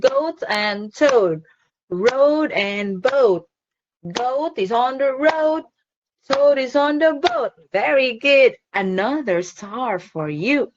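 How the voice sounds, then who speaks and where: A woman's voice: high voice, expressive, slow pace, muffled recording, background noise. A woman teaching an online phonics lesson to a child, cheerful and encouraging, laughing often.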